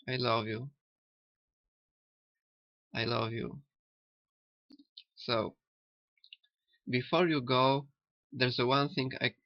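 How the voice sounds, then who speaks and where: Slow, halting and repetitive, this man, a later-in-life learner, rambles about a cartoon in spiritual terms. His voice is medium in pitch and gravelly, and the dull lo-fi audio is dry, as though recorded near a cheap mic.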